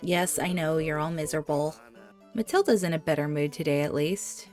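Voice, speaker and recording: A woman's voice: sits low, normal speed, a little mellow, soft background music. A woman giving casual let's-play commentary on her life-sim game, chatting to her characters and cooing over the animals. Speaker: gaming YouTuber.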